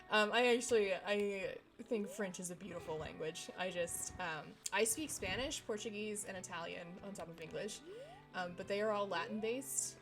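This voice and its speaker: A woman's voice: medium pitch, animated, moderate pace, a bit bright. A woman streamer from Texas, chatting casually with viewers while she plays a game. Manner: chatty, talks to chat while playing. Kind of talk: casual gaming stream chat. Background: video game music.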